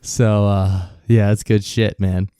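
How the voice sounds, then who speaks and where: A man's voice: fairly low pitch, flat delivery, unhurried, dark tone, smooth, no room sound, studio quality. A man hosting a casual podcast, telling a story loosely with lots of swearing and laughter, sometimes reading out quotes. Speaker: podcast host.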